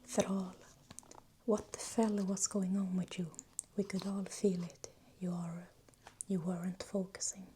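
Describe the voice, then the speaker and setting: A woman softly voicing a hulking, battle-scarred male orc in whispered role-play. His words are harsh and scolding, yet come out in a dark, mellow whisper. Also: fairly low pitch, level tone, measured pace, a little hiss or hum, close to an everyday voice.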